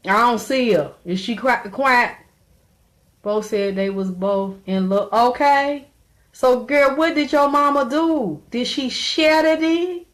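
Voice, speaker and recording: A woman's voice: a little high, slow pace. Brash, profane woman live-streaming. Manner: brash, profane, laughing, talks back to a chat. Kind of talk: casual live-stream chat.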